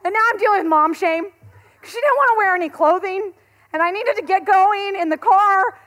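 A woman in her thirties, a pastor giving a conversational sermon, telling stories in an animated way and laughing often. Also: extremely high pitch, a little fast.

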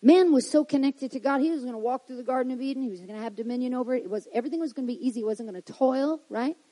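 A woman preaching a sermon, reading scripture and building to loud emphatic declarations before dropping to quiet asides. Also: high-pitched, very fast, poor audio.

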